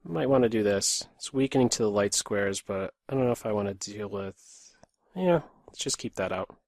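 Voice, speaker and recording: A man's voice: lowish voice, expressive, moderate pace, darkish tone, no echo, clean studio sound. A man in his thirties from Pennsylvania, USA, streaming live chess and muttering terse running commentary on his moves. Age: 30s. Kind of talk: live commentary while playing bullet chess.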